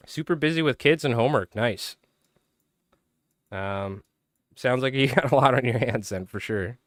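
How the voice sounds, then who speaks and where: A man talks a little slowly with long pauses, his medium-pitched voice fairly bright, captured in studio quality without room sound. It's a laid-back fly-tying livestream where he rambles and talks to viewers by name. He sounds tired, with a strained voice and frequent throat-clearing.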